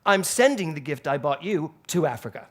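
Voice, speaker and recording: A woman's voice: low-pitched, sing-song, brisk, heavy background noise. A man playing an indignant grand old actress. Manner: theatrical outraged exclamations.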